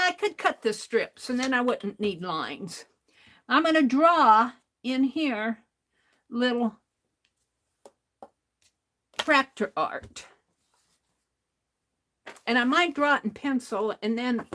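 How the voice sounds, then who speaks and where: A woman's voice: a little high, animated, slow pace, pauses often, fairly bright tone. A woman hosting a crafting livestream, chatting to viewers while she works and laughing often. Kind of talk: casual crafting chat while working.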